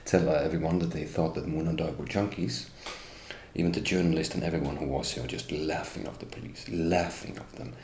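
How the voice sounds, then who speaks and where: A bass-voiced, middle-aged Norwegian man talks briskly in English, his intonation fairly even and his tone a little mellow. As an interviewee whose native language is Norwegian, he gives a bitter, indignant account of his own experience and speaks directly to the police. There's a little hiss or hum, plus a roomy echo and faint ambience.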